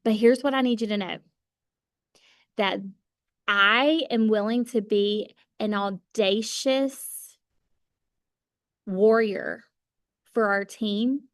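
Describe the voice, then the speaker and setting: A woman's voice: mid-range voice, slow, pauses often, dry recording, clean studio sound. A woman giving an emphatic motivational talk to her sales team, repeating phrases for effect.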